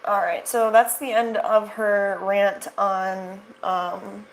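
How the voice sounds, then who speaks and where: A woman's voice: mid-range voice, flat delivery, slow, a little hiss or hum, poor audio. A young woman hosting casual reaction commentary, sarcastic and rambling, full of fillers and restarts. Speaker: commentary channel host.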